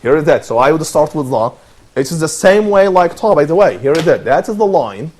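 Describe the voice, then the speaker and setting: A man's voice: a little high, very animated, fairly quick, a little mellow, slight background noise. A man presenting and teaching a lesson, patient and encouraging, who often repeats his phrases.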